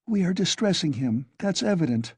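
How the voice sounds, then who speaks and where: A proud, earnest young woman speaks gently but with a quick temper, her voice raised high. A man voices her. The husky tone sits close and dry. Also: very animated, no echo, exaggerated voice.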